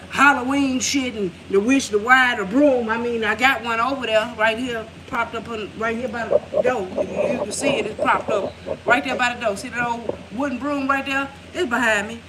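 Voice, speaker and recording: A woman's voice: a little high, steady tone, moderate pace. A woman giving a casual tarot reading at home, talking in a loose, rambling way with plenty of swearing and laughter. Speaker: tarot reader. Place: room at home. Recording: noisy home recording.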